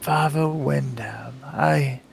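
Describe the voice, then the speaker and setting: A man's voice: a little high, slow, vocal fry, faint music behind, pitched above the performer's own voice, full character voice. A man doing a frail, stammering old priest. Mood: kindly. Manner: hesitant, stammering, repeating words. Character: frail elderly male priest, kindly and hard of hearing.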